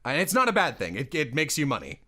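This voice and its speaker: A man's voice: fairly high pitch, quick pace. A young man co-hosting a casual podcast, giving blunt voice-acting advice and repeating words as he speaks. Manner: blunt, animated, repeats words when excited. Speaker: podcast co-host and voice director.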